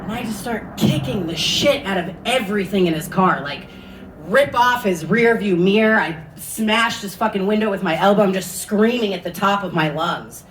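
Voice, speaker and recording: A woman telling a profane stand-up story, deadpan, with sudden drops to hushed asides. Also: medium pitch, normal speed. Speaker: stand-up comedian. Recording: distant room sound with audible noise.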